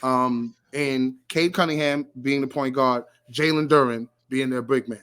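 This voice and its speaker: A young man hosting a casual basketball podcast, talking excitedly and jumping to high squeals for emphasis. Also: measured pace, clear, resonant tone. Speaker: podcast host.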